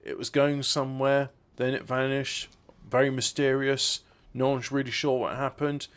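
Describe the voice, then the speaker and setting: A man drifts through a casual podcast chat at an ordinary pitch. He trips over his own sentences, restarting and padding with fillers as he goes. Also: little pitch movement, clear, resonant tone. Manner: rambling, halting, with many restarts and fillers. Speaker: podcast co-host.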